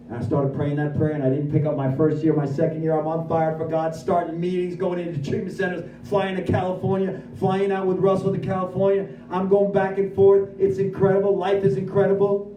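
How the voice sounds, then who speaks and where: A man giving a lively personal recovery testimony at a speaker meeting, acting out his own dialogue as he goes. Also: sits high, brisk, dull audio, a little hiss or hum. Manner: animated storyteller who acts out his own dialogue. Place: meeting room at a recovery center. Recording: echoey room, voice from far off.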